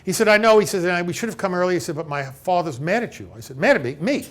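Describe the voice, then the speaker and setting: A man's voice: high voice, quick pace. A man, an elder law attorney, giving a conversational seminar to a live audience, retelling client conversations and often checking in with "okay?". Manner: animated storyteller who acts out both sides of conversations. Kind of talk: conversational seminar talk with retold client dialogues.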